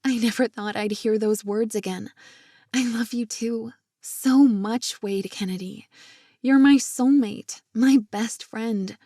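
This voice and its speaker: A woman voicing an adoring, quirky young woman in a romance audiobook, lifting her voice into a bright, teasing tone. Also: a little high, slow, no echo, clean studio sound. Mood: emotional.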